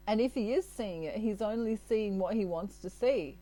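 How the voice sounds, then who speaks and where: A woman's voice: mid-range voice, unhurried, mellow, rough recording. A woman giving a casual tarot reading, chatty and playful, laughing often. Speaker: tarot reader.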